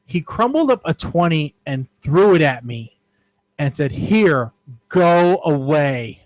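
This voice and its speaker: A man's voice: on the high side, sing-song, measured pace, dry recording, low-quality recording. Rambling man, dry close mic. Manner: rambling, self-deprecating, frequent "all right". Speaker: podcast co-host. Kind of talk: casual radio show storytelling.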